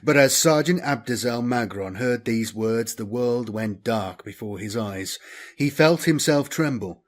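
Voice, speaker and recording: A man reads a science fiction novel aloud as an audiobook, steady and dramatic, his voice often dropping quieter at the ends of phrases. He has a medium pitch and an unhurried pace.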